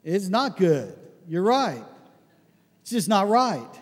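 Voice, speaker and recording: A man preaching a conversational sermon, telling stories with lots of restarts and animated asides. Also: sits high, takes it slowly, long reverb tail. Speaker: pastor.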